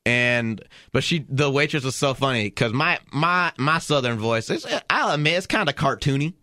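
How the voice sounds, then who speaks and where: Bright, dry-sounding man, chatty storyteller, rambling with fillers. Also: medium pitch, lively intonation, moderate pace, no echo. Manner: rambling anecdote with many fillers. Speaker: podcast guest, producer. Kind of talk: casual chat, storytelling.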